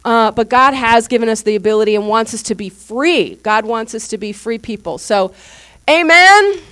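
A woman's voice: on the high side, fairly even intonation, normal speed. A woman pastor giving a teaching sermon at a church service in an informal, candid, conversational way. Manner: informal, candid and conversational, acting out what others said.

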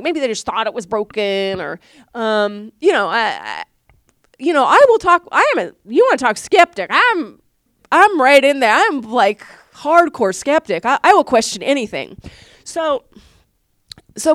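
A woman giving a personal testimony at a church service, a chatty and animated storyteller who laughs often and fills her speech with restarts. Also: mid-range voice, no room sound, studio quality. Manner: chatty, many fillers and restarts. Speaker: church speaker sharing a testimony.

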